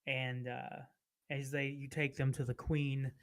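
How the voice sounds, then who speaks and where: A man narrating as game master of a tabletop game, relaxed and rambling, with many fillers. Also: mid-range voice, unhurried.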